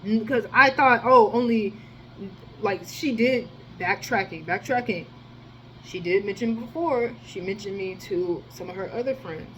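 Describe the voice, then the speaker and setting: A woman telling a rambling personal story in a casual, profane monologue, with sudden jumps in loudness. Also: mid-range voice, a little slow, slight background noise, poor audio. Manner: rambling, slangy and profane, with many restarts. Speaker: storyteller vlogger.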